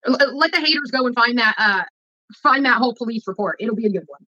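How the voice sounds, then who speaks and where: Fast-talking, profane woman vlogger. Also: fairly high pitch, highs cut off. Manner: profane, rambling, animated. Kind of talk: casual storytelling while cooking.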